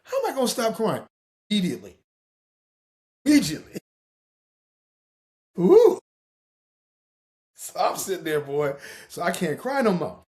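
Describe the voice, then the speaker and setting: A man's voice: sits high, wildly swooping pitch, normal speed, long pauses, a little mellow. A man telling a personal story as a podcast host, profane and dramatic. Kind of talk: casual storytelling monologue.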